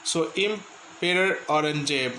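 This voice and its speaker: A male Indian teacher talks through a class lesson at a very unhurried pace, pausing to define words and repeat points. His voice sits a little high for a man. He is recorded in an echoey room with a faint hum of ambience behind him. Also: bright, forceful tone. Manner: slow, explanatory, repeats and glosses words. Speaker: school teacher. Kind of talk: English lesson for students.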